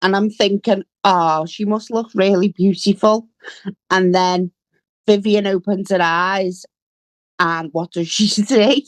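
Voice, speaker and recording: A woman co-hosts a chatty podcast, walking through a sitcom plot at a very unhurried pace. Her voice is mid-pitched and the recording is dry, with little room sound. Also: fairly even intonation, dry recording. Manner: slow, storytelling delivery. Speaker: podcast co-host. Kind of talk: casual chat recapping a sitcom episode.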